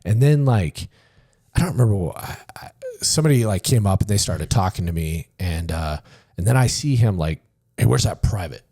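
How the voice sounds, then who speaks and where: A man's voice: deep voice, lively intonation, moderate pace, mellow. A middle-aged man and retired army sergeant major, talking loosely as a podcast guest, full of fillers and swearing, acting out the dialogue in his stories. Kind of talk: casual interview storytelling.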